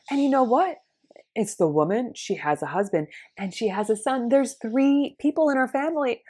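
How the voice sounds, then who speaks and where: A woman telling a personal faith story in an animated way, acting out the dialogue in different voices. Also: fairly high pitch, fairly quick.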